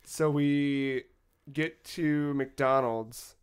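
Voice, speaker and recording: A man co-hosting a podcast, telling a travel story in a casual, animated way with frequent swearing. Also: mid-range voice, extremely slow, smooth. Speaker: podcast co-host.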